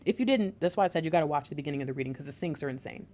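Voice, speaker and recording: A woman's voice: low-pitched, animated, racing. Chatty woman giving a tarot reading. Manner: chatty, emphatic, laughs often; addresses viewers directly, warm teasing asides. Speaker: tarot reader.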